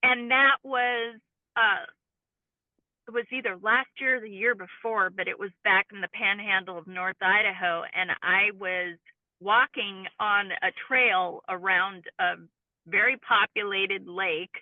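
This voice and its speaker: Speaking a little slowly in a mid-range voice with fairly even intonation, a woman recounts in earnest detail her own encounter as a cryptid field researcher on an interview. It's a dry recording over a tinny, phone-like call line.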